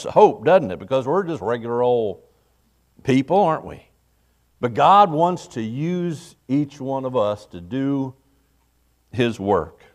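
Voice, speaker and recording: A man's voice: mid-range voice, darkish tone. A middle-aged man, a pastor, preaching a morning sermon in a folksy, conversational way, acting out little quotes.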